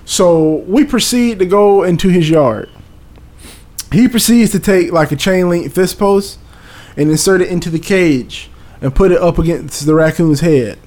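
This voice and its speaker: A man, telling a story in casual chat, animated and profane, acting out voices and sounds. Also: high voice, measured pace.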